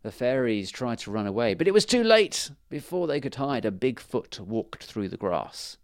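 A man narrating a children's storybook with a hugely lively, rising and falling melody. His reading is slow and emphatic, and the sound is close and completely dry. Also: mid-range voice, no room sound.

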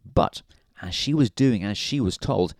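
A man's voice: fairly low pitch, lively intonation, unhurried, a little mellow, no echo, studio quality. A man reading a children's story aloud in a playful way, now and then asking the listener questions.

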